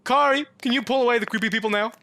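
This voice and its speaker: A man's voice: very high voice, very fast, pushed and bright, a little hiss or hum. A man giving comic let's-play commentary, pleading with his car and joking, breaking into yelps and swearing. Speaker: gaming YouTuber.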